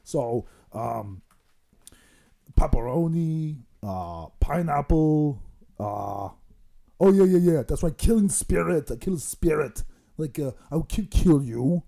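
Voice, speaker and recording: A man's voice: on the high side, animated, slow, gravelly, dark tone, heavily acted. A man doing a comic impression of a boastful bodybuilder, rambling and giggling through mock threats. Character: boastful bodybuilder impression, male, middle-aged, menacing-jolly. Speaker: comedy guest in character.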